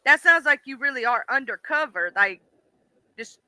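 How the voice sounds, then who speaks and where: A woman hosting a casual livestream and chatting with her viewers, blunt and animated, exclaiming loudly whenever something disgusts her. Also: sits high, brisk, no echo. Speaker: livestream host.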